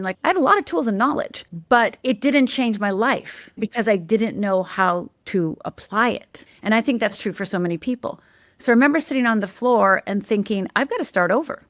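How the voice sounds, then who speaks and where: A woman's voice: fairly high pitch, lively intonation, a little fast, dry recording, clean studio sound. A middle-aged woman, a life coach and podcast guest, telling a personal story candidly and emphatically, often checking in with "right?".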